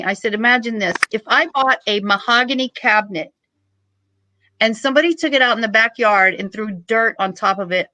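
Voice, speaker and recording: A middle-aged woman, a podcast guest, telling a story in a joking, lively way. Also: a little high, no room sound, poor audio. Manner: joking, animated storytelling with laughs. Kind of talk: casual storytelling.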